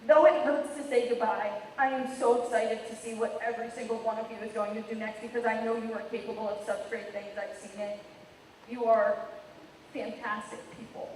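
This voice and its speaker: A woman's voice: a little high, little pitch movement, fairly quick, darkish tone, slight background noise. Teen girl giving emotional graduation speech. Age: teens. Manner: emotional, laughing through tears, apologetic. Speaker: senior class president. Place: large hall. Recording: echoey hall from far off.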